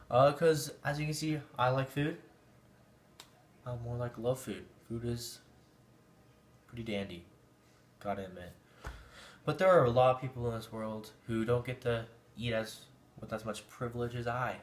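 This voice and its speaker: A young man hosts his own casual cooking show, talking in a loose, rambling, playful way. His voice sits at an everyday pitch. The sound bounces around an echoey home kitchen with clear noise underneath. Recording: echoey room with background noise.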